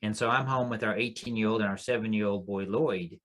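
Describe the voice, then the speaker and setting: A middle-aged man speaking as a panelist in a relaxed, conversational way. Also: fairly low pitch, a little fast. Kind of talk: casual panel chat.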